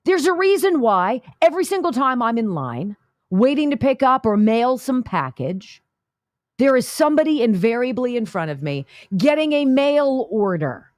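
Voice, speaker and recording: A woman's voice: on the high side, very animated, moderate pace, darkish tone, no room sound, studio quality. A female radio talk show host giving sarcastic, combative political commentary. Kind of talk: political commentary over played clips.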